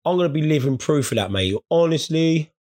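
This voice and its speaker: A man's voice: fairly high pitch, lively intonation, brisk, a little mellow. A man in a crude, rambling comedic rant, swearing freely as he talks to his viewers. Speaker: vlogger. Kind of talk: casual comedic rant to camera.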